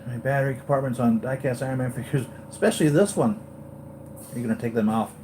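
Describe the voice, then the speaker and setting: A man hosting a live toy unboxing, gushing and excitable, often repeating himself. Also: mid-range voice, fast, noisy background. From United States. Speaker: toy collector vlogger.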